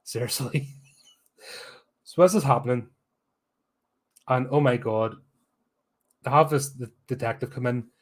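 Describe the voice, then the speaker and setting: A man's voice: mid-range voice, a little slow, pauses often. A man with a Belfast accent, hosting a podcast, giving a blunt, sarcastic, sweary film review rant. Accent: Northern Irish, Belfast.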